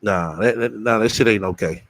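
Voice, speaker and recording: A man's voice: lowish voice, normal speed, fairly bright tone, no room sound. Blunt, profane man ranting. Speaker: podcast host. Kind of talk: casual commentary chat.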